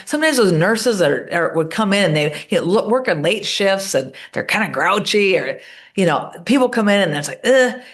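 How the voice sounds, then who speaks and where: A woman talking as a podcast guest, telling stories with energy and acting out the voices of the people she quotes. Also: mid-range voice. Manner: animated storyteller, acts out quoted voices. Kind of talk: casual interview talk.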